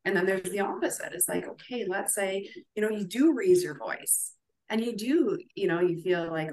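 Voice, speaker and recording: A woman's voice: medium pitch, normal speed, darkish tone, low-quality recording. A woman talking casually about parenting, earnestly acting out the things a parent might say to herself. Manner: earnest, acts out quoted self-talk. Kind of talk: casual podcast chat.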